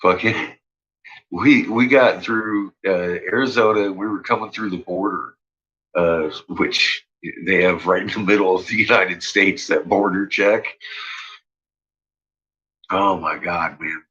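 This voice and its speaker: A man's voice: deep voice, takes it slowly, long pauses, sharp tone, breathy edge. A man telling a story in a casual, profane way, swearing freely and trailing off with fillers. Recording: dull lo-fi recording.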